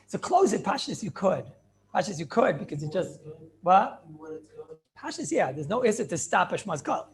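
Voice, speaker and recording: Animated rabbi, high gravelly voice. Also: male voice, normal speed, slight background noise. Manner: animated questioning, answers his own questions, repeats phrases. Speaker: rabbi teaching a class. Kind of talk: Talmudic class lecture with back-and-forth questions.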